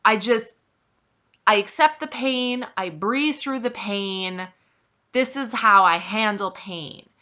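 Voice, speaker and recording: A woman's voice: medium pitch, slow pace, sharp tone. A woman hosting her own vlog, telling a personal story to camera in a candid, emphatic and exasperated way. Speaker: vlog host.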